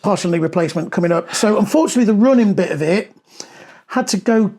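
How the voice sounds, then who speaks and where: Man, middle-aged, high voice, chatty, rambling storyteller, casual podcast talk. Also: animated, fast talker, darkish tone. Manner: chatty storyteller, many ums. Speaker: podcast co-host. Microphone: clip-on mic with clothing rustle.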